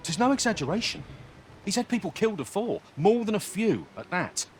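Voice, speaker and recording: A man's voice: high voice, sing-song, a little fast, slight background noise. An actor playing a nervous male courier in a video game, begging for help in old-fashioned speech. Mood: worried. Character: anxious male courier fearing his cruel master.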